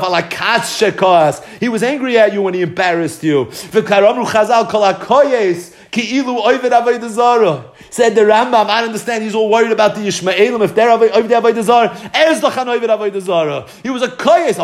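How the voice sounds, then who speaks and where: Man, high voice, animated torah lecture. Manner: animated, mixing Hebrew and Yiddish terms into English. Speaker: Torah teacher.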